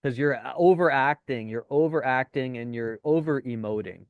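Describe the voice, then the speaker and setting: A man teaching a casual webinar as a dating coach, chatty and swearing now and then, acting out deadpan lines. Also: mid-range voice, normal speed, no echo, narrow, tinny audio.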